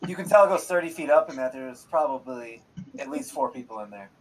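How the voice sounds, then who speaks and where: Husky-voiced male game master. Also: medium pitch, lively intonation, fairly quick, rough recording. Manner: casual, laughs often, swears freely. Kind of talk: narrating a tabletop game. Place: streamed online game session.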